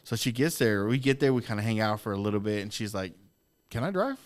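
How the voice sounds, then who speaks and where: A man on a podcast telling a story in casual, profane, animated talk with frequent laughs. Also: fairly low pitch, fast talker, smooth. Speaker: podcast guest.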